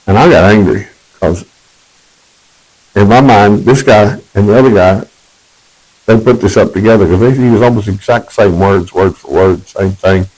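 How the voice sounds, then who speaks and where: A man's voice: lowish voice, moderate pace, a little mellow, rough recording. A man telling his personal testimony in a rambling, conversational way, correcting himself as he goes.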